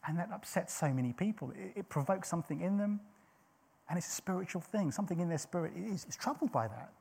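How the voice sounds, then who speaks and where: A man's voice: high voice, expressive, quick pace, gravelly, darkish tone, husky. A middle-aged man preaching a sermon, telling a personal story in an earnest way with frequent restarts.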